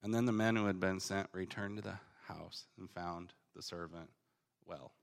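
A man teaching through a Bible passage in a casual, conversational way, paraphrasing the text in slangy voices and swinging between emphatic bursts and quiet reading. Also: low voice, moderate pace, vocal fry. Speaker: preacher teaching on the Gospel of Luke.

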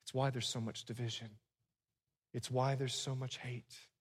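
A man preaching a sermon to a congregation, swinging from hushed lines to loud ones and slipping in humorous asides. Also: mid-range voice, flat delivery, unhurried, breathy edge, big-room sound. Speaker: pastor.

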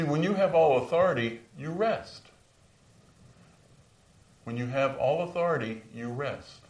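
In an echoing space, a man in his sixties preaches as a pastor, sounding far away. He weaves stories into his sermon and pushes his voice higher to emphasize key moments.

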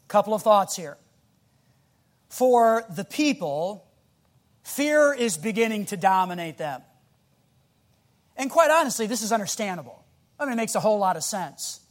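A man in his thirties preaching a sermon, who reads scripture and acts out scenes with growls and shouts. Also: sits high, moderate pace, pauses often. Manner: animated, growls and shouts while acting out scenes. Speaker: pastor.

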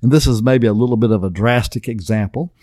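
A middle-aged man gives a conversational sermon in a folksy, down-to-earth way. His pitch sits in an everyday middle range, and he often pauses to ask "okay?". The sound is close and dry. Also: dark tone, dry recording. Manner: folksy, repeatedly asks "okay?". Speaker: pastor.

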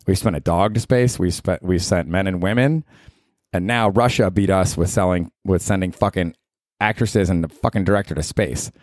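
A man with a very low voice hosts a solo comedy podcast. He rambles sarcastically and swears freely as he talks. The sound is dry and close to the mic. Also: normal speed, no room sound. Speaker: podcast host.

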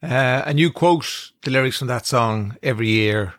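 A man in his fifties with an Irish accent hosts a radio talk show. His voice is mid-pitched and recorded dry and close. He chats conversationally and pauses now and then to think. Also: fairly bright tone, dry recording. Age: 50s. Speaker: radio host. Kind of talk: casual chat.

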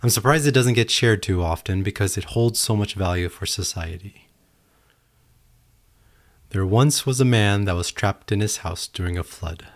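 Speaking at a moderate pace in a low-leaning voice, a male podcast host works through a parable on his own. The tone is earnest and reflective, with a storyteller's delivery.

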